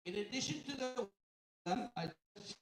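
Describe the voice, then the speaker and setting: High-voiced man speaking in an echoey room. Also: animated. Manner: joking asides to the audience, halting fillers. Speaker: company chairman giving a welcome speech. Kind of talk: live event welcome speech. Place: indoor event room with an audience. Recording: echoey room, far from the mic, faint noise.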